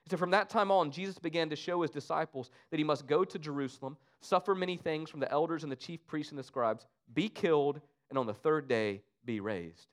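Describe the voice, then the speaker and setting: A man preaching an Easter sermon, swinging between loud emphasis and soft, low asides. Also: a little fast, hardly any pauses. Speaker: pastor.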